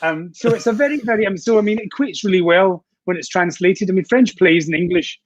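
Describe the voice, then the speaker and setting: A man's voice: sits high, a little fast, lo-fi sound, slight background noise. A Scottish man on a video call, chatting as a guest and telling long stories with lots of fillers and restarts. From Scotland. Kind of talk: casual chat.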